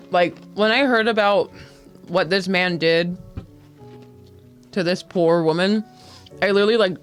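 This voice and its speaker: A man's voice: sits high, takes it slowly, pauses often, faint music behind. A man co-hosting a podcast, chatting casually, rambling with lots of fillers. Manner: rambling, filler-heavy, animated when retelling. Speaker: podcast co-host. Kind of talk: casual chat.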